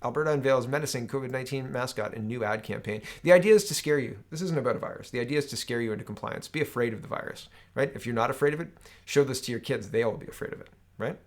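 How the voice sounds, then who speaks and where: A man talking through political headlines on his own show. His voice sits at an ordinary middle pitch, and his delivery is sarcastic and conversational, with many asides to the listener. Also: fast talker. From Canada. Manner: sarcastic, reads headlines aloud, frequent "right?". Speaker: political commentary host. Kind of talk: solo political commentary.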